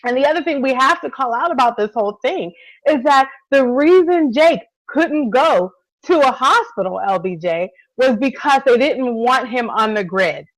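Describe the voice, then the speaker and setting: A woman co-hosting a casual TV recap chat, expressive and quick to laugh. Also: high voice, no echo, poor audio. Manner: expressive, laughs often, keeps addressing co-host. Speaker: podcast co-host.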